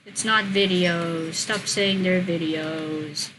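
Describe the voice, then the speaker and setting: A woman hosting her channel, chatting casually and excitedly as she plays and reads, gushing, swearing and squealing now and then. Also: fairly low pitch, takes it slowly, background noise. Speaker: channel host. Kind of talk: casual commentary while gaming and reading.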